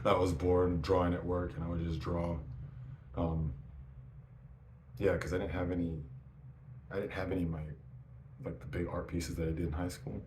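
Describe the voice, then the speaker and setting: A man's voice: low-pitched, little pitch movement, normal speed, long pauses, a little mellow. A man in his forties telling stories in a casual interview, swearing often and restarting his sentences. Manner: profane, rambling, restarts often. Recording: echoey room with faint noise.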